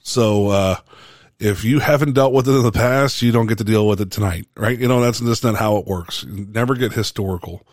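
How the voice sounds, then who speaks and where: A man, a pastor, giving a casual church talk in a relaxed way, halting often with fillers and restarts. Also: lowish voice, no room sound, studio quality.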